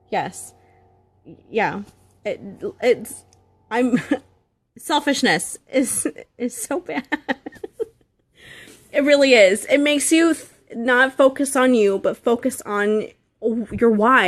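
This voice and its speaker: A woman in her thirties giving an earnest, halting motivational talk to her sales team, getting emotional at times. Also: mid-range voice, no echo. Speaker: direct sales seller.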